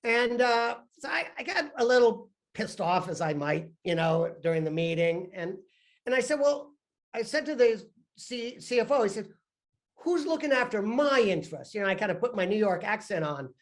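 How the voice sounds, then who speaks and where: An older man delivers a university guest lecture in a lively storytelling way. He often stumbles over his words, repeating them as he builds his point. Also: sits high, normal speed. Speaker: investment fund founder giving a guest lecture. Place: lecture room.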